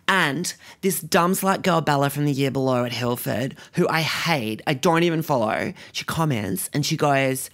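A man's voice: a little high, moderate pace, hardly any pauses, a bit bright. A man playing a vain, crude, self-obsessed young rich girl with a Sydney Australian accent, talking in a comedic vlog monologue full of "like" fillers. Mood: dramatic gossip. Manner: constant "like" fillers, bratty and self-absorbed.

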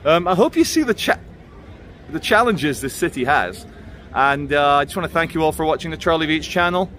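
A man's voice: fairly high pitch, expressive, fairly quick, fairly bright tone, a little hiss or hum. A man vlogging outdoors on city streets, giving joking running commentary and chatting with passersby.

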